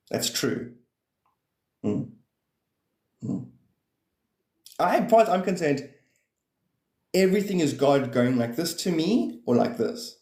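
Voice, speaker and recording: A man's voice: a little high, very animated, slow, long pauses, darkish tone, roomy sound. A man rambling through casual livestream chat about spirituality, swearing freely and laughing often.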